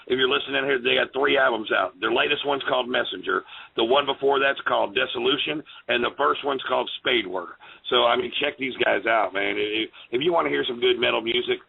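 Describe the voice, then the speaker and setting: A co-host with a low, deep radio voice that is heavily gravelly and husky, joking and plugging albums like a DJ. The sound is thin and tinny, like a phone line. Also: male voice, fairly quick. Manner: joking, plugs show like a DJ. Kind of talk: casual internet radio chat.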